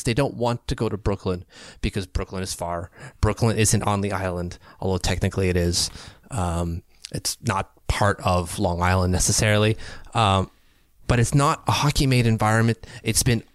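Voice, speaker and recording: A man co-hosting a hockey podcast in casual chat. He talks in an animated, opinionated way, often restarting his sentences. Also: lowish voice, no room sound, studio quality.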